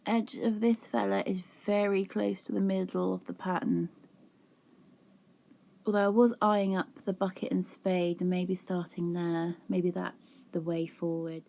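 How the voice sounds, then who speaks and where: A woman's voice: fairly low pitch, level tone, a little slow, vocal fry, dark tone, dull audio. A woman chatting casually to her viewers in a crafting vlog, chatty and self-mocking, sitting at home. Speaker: vlogger. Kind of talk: casual chat.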